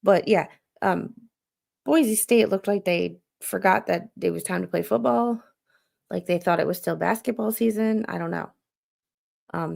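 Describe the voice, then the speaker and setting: A woman's voice: medium pitch, creaky, darkish tone. A woman hosting a show, rambling in an unfiltered, exasperated rant and swearing freely. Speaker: podcast host.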